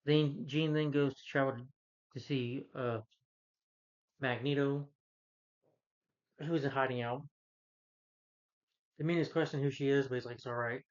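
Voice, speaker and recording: Male film reviewer, casual rambling rant, fillers and exasperation, average pitch, muffled lo-fi sound. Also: steady tone, unhurried, pauses often. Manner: rambling, full of "you know" fillers, exasperated.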